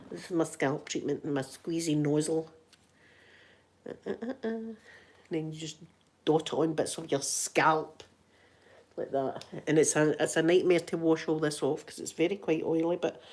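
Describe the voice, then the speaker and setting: A woman's voice: low voice, normal speed. A middle-aged woman with a Scottish accent, chatting casually to camera in a rambling, laughing way. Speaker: vlogger. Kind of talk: casual chat.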